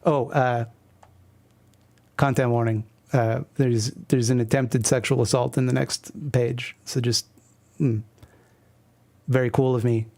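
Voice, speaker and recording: A man's voice: mid-range voice, little pitch movement, unhurried, long pauses, a little mellow. A man hosting a stream, reading his old comic aloud with rambling, self-mocking commentary full of fillers and restarts. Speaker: streamer host.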